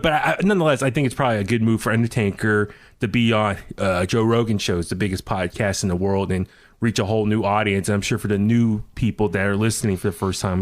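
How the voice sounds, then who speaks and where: A man hosting a podcast in casual chat, rambling with many fillers and restarts as he reads quotes aloud. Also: on the low side. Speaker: podcast host.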